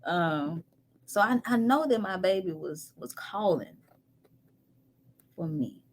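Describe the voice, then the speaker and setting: A woman telling a painful personal story candidly, moving between animated talk and near-whispers. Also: mid-range voice, unhurried. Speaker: guest. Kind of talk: emotional storytelling.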